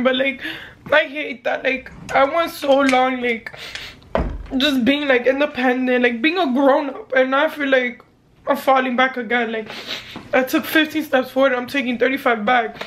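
This is a young woman chatting to her viewers in a casual bedroom vlog. Her voice sits high, and her talk is loose and full of slang. A faint noise runs under the recording. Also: fairly even intonation, moderate pace, fairly bright tone. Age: young adult. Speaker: vlogger. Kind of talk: casual vlog chat to camera. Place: bedroom at home.

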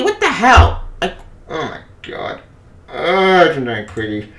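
A man giving a furious, profane rant on a comics news vlog, often shouting. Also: fairly high pitch, huge pitch swings, slow pace. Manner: angry, profane ranting with frequent shouting. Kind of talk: ranting opinion vlog. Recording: echoey room, voice off-mic.

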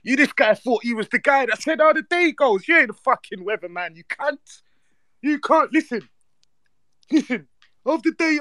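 A man's voice: extremely high pitch, lively intonation, moderate pace, pushed and bright, dry recording. A man co-hosting a casual banter show, roasting a guest with mocking insults. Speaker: co-host.

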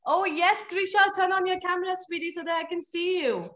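A woman's voice: very high voice, fairly quick, a bit bright. A woman teaching a live online phonics class to young children, encouraging and playful in a sing-song way.

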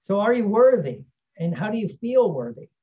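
A man's voice: high voice, sing-song, normal speed, phone-quality sound. A man giving a casual self-help talk, rambling and often tagging his points with "right?". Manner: rambling, frequent "right?" tag questions. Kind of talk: casual teaching monologue.

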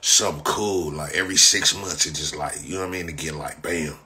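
A young livestream host from Inglewood, Los Angeles, rants casually, profane, boastful and repetitive, often bursting into laughter. His voice is extremely low with fairly even intonation, a little fast and sharp in tone.

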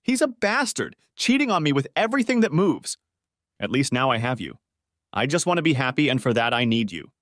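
Guy doing a sly scheming wife, higher and swoopy, mocking and cutting, audiobook story, dry close sound. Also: animated, fast talker, fairly bright tone, no room sound, close to an everyday voice. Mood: pleading. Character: scheming married woman, cold and sly.

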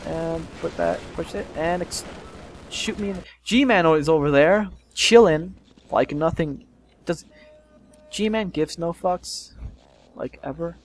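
Man raging over gameplay, gravelly voice. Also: a little high, takes it slowly, a little hiss or hum. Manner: swears and yells in frustration. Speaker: let's play gamer. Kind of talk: casual gameplay commentary.

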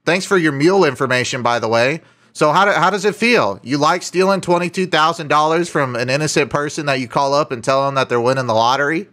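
A man streaming a scam-baiting call, excitable and swearing freely as he laughs and gushes. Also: on the high side, fast talker. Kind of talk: casual streamed prank call.

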